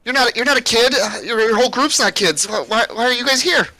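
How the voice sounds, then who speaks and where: A man's voice: very high voice, fast, bright, forceful tone, dry recording, voice pushed up, full character voice, poor audio. A man voicing a frightened ten-year-old human girl locked in a cage, stammering and repeating herself. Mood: anxious. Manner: hesitant, stammering, repeating words.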